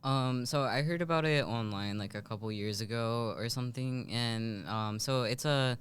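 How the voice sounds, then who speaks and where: A man's voice: mid-range voice, moderate pace, a bit bright, clean tone. A young man talking hesitantly on a podcast as a guest, full of fillers. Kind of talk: casual interview talk.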